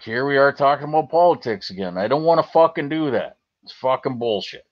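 A man's voice: medium pitch, lively intonation, brisk. A Canadian man chatting on a livestream, rambling, swearing freely and answering his chat. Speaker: livestream host. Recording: slightly dull lo-fi stream audio.

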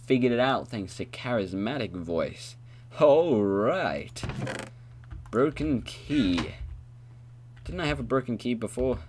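A rambling man commentating his own game playthrough, making goofy noises and chatting to himself. His fairly low voice bounces all over in pitch. Recorded on a headset mic with a faint hum behind. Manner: rambling, silly, talks to himself. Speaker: gamer playing an adventure map. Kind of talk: casual let's-play commentary.

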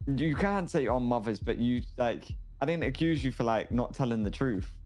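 A man's voice: medium pitch, lively intonation, moderate pace, darkish tone. A British man chatting casually in a roleplay game, teasing his friend with lots of British slang. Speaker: roleplay player.

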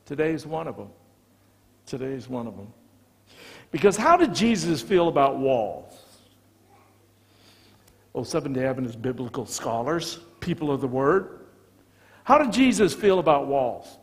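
An American man, a visiting pastor, preaching a sermon with animated storytelling, acting out the dialogue of the people in his stories. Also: medium pitch, unhurried, pauses often. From United States. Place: church sanctuary. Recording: long church reverb.

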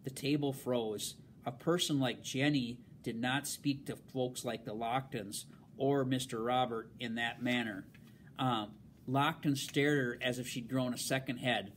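A man reading a novel aloud in a halting way, stumbling over words and filling pauses with um and uh. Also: medium pitch, fairly even intonation, slight background noise. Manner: halting, with fillers and restarts. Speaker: reader.

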